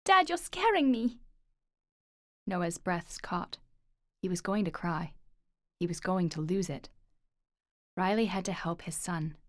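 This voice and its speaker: A woman narrating an audiobook in a steady, measured way. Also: lowish voice, no room sound, studio quality. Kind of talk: scripted narration.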